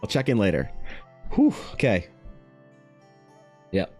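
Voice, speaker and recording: A man's voice: on the low side, wildly swooping pitch, takes it slowly, a little mellow, husky, faint music behind. A young Canadian man chatting casually with his stream while he draws, rambling, swearing and laughing as he talks to chat. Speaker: artist streaming while drawing.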